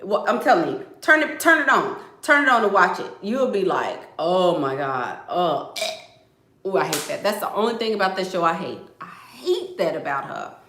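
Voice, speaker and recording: A woman's voice: medium pitch, sing-song, a little fast, few pauses, sharp tone, reverberant. A woman vlogger telling gossip to her viewers in a casual, chatty way, often calling them "girl".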